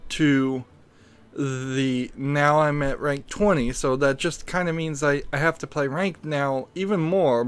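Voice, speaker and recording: A male game streamer with a groggy morning voice, having just rolled out of bed. He talks slowly and thinks aloud in casual, rambling live-stream commentary, full of hesitant pauses. His voice sits a little high for a man.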